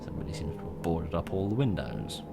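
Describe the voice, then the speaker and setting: A man's voice: low-pitched, very animated, quick pace, gravelly, over loud music. A man giving wry, sarcastic, rambling commentary while playing a game. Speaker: gameplay commentator. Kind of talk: let's play commentary.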